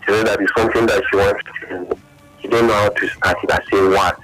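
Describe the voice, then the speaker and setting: A man's voice: on the low side, fairly even intonation, a bit bright, slight background noise, low-quality recording. Nigerian man telling a heartbreak story. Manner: halting, tearful retelling in pidgin-laced English. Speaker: caller. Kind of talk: emotional phone-in story.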